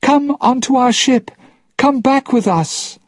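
A man reading a storybook and putting on a high, desperate voice for a grieving young woman who calls out pleadingly. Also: wildly swooping pitch, a little slow, dark tone, slightly rough, no room sound, studio quality, full character voice. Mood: desperate calling. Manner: cries out pleadingly.

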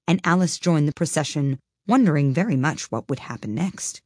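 A woman reading a storybook aloud in an expressive, lively way. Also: low voice, moderate pace, no room sound, studio quality.

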